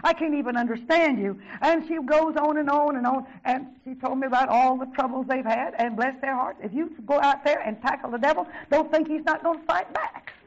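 An older woman preaches with fervor, her voice sitting high. She swings from drawn-out shouts down to hushed asides and keeps repeating exclamations of praise. The recording sounds dull and lo-fi. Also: fairly even intonation. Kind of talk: sermon.

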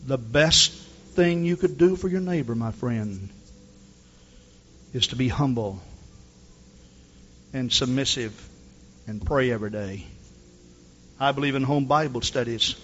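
A man preaching a sermon as pastor, telling stories with fervor and rising to shouts at the peaks. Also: medium pitch, dull audio. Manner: impassioned preaching, rising to shouts when quoting.

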